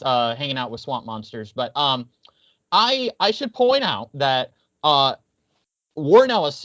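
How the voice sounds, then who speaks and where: A man co-hosts a casual podcast, rambling with wry asides. His voice sits a little high. The recording is dry and dull, lo-fi. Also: a bit bright, dry recording. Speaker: podcast co-host.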